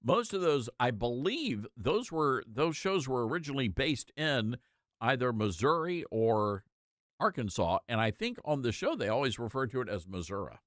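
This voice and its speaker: A man's voice: mid-range voice, very animated, normal speed, fairly bright tone, no room sound, studio quality. A man hosting a talk show, chatting casually and joking with laughing asides. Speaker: host.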